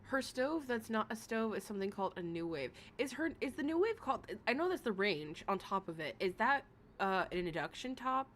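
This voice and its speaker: A woman's voice: mid-range voice, very animated, a little fast, a bit bright, a little hiss or hum. A woman of thirty hosting a casual livestream, reacting bluntly and sassily and swearing freely as she talks to her chat. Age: 30s. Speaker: livestream host reacting to another streamer.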